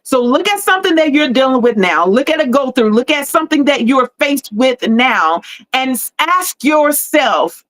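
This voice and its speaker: A woman's voice: sits high, sing-song, moderate pace, a bit bright. A woman hosting a motivational live talk with faith-forward encouragement, preaching and repeating key lines for emphasis. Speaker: host and life coach.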